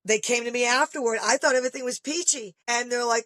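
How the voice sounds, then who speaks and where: Middle-aged woman, fairly high voice, dry close sound, lively parent storyteller who acts out quotes. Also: fast talker, few pauses, no echo. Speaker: guest parent. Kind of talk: casual podcast conversation.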